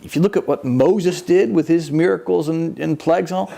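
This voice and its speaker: A man's voice: fairly high pitch, fairly quick, creaky, dark tone. A man preaching a conversational sermon, telling the story with animation and acting out the people in it. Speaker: pastor.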